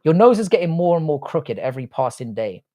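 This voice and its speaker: A man's voice: on the high side, very animated, brisk, darkish tone. A man hosting a casual live stream, reading chat comments, talking bluntly with frequent swearing and rambling restarts. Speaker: livestream host.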